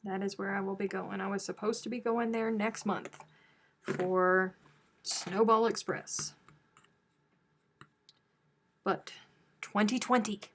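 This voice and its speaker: A woman's voice: mid-range voice, fairly even intonation, unhurried. Chatty woman hosting a crochet stream. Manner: chatty, teasing, sarcastic. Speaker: crochet live stream host. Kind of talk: casual chat reading viewer comments.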